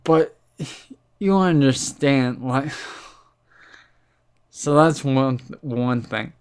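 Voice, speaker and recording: A young man telling a rambling, halting story about a bad experience in a casual vlog, mildly irritated and full of fillers. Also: medium pitch, clean tone. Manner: mildly irritated, recounting a complaint. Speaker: vlogger.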